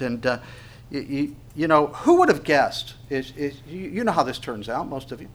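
A man's voice: fairly high pitch, sing-song, normal speed. A male pastor giving a conversational Bible teaching, full of fillers and restarts, with wry asides and sharper emphatic bursts on key points.

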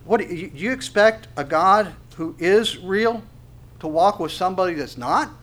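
Male pastor, slightly high pitch, expository sermon delivery, emphatic and questioning. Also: expressive, moderate pace, a bit bright. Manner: preaching with rising emphasis, rhetorical questions, frequent restarts.

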